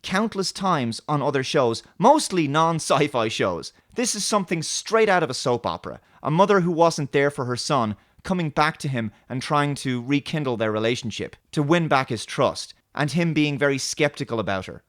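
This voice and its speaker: Sarcastic, animated male reviewer. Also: on the high side, moderate pace, few pauses. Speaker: host. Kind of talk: ranting review commentary.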